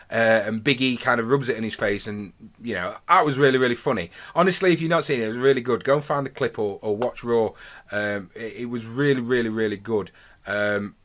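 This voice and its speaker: Guy in his 30s rambling through his podcast review, chatty and excited. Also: mid-range voice. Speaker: podcast host. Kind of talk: casual solo review monologue.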